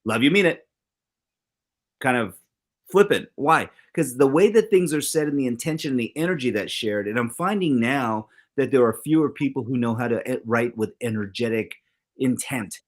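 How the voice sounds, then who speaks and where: A middle-aged man co-hosting a casual talk show, telling stories and acting out the quoted lines. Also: brisk. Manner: animated storyteller, acts out quoted exchanges with big pitch jumps. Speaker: co-host.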